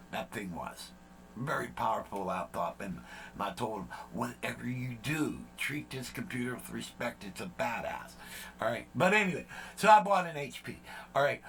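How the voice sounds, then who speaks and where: A man's voice: mid-range voice, a bit bright, a little hiss or hum. A man, chatting casually as a vlog host, rambling and joking with lots of fillers and asides. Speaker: channel host.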